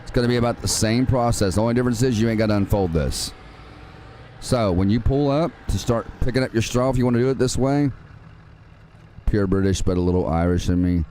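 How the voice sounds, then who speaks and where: A man's voice: mid-range voice, fast talker, darkish tone, a little hiss or hum. A man hosting a live farming-game stream, talking viewers through the controls in a casual, chatty way and calling them man and dude. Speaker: gaming livestream host. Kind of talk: live game tutorial with chat.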